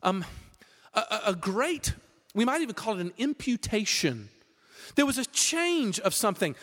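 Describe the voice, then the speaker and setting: A high-voiced male pastor delivers a lively, conversational sermon. His pitch swoops up and down as he preaches. The recording carries the long reverb of a large hall. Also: normal speed. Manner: conversational, animated preaching with many fillers.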